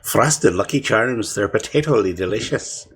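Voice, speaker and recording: A man doing a deliberately bad Irish accent as a jokey leprechaun-like figure. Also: fairly low pitch, animated, slightly rough, exaggerated voice. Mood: mock cheery. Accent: bad put-on Irish. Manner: jokey, hammed up.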